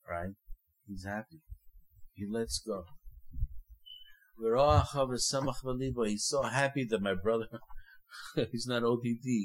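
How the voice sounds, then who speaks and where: An older man, a rabbi, giving an animated sermon full of jokes and acted-out little scenes. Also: on the low side, slightly rough, low-quality recording.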